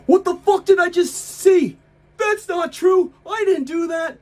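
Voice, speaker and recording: A man putting on the voice of a petty, furious, whiny man who rants, curses and shouts insults. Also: extremely high pitch, a little slow, pitched above the performer's own voice. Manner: ranting, cursing, shouting insults.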